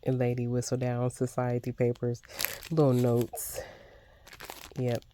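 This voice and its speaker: An older woman doing a casual unboxing vlog, gushing with excited exclamations as she shows off crafting supplies. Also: very deep voice, a little slow, slight background noise. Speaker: crafting vlogger.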